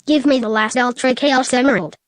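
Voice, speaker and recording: A woman voicing a dark, brooding male hedgehog criminal in a flat, matter-of-fact delivery. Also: high voice, brisk, no echo, close to an everyday voice.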